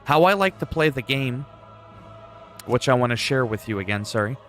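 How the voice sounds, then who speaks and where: A man's voice: medium pitch, lively intonation, normal speed, a bit bright, soft background music. A man livestreaming a game, chatting casually and enthusiastically with viewers, rambling a bit and swearing now and then. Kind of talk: casual gameplay chat.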